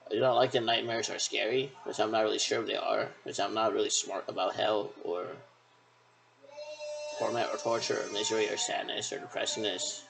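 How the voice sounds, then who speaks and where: Gravelly man rambling in circles. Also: fairly low pitch, fairly even intonation, brisk, a bit bright, low-quality recording. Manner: repetitive, circling, hesitant. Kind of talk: rambling monologue.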